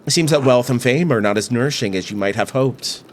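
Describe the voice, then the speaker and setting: A man reading a pious priest who hears confessions, speaking gravely and admonishing the penitent. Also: medium pitch, brisk, a little hiss or hum, close to an everyday voice. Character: stern, pious male priest hearing confession. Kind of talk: reading game dialogue aloud.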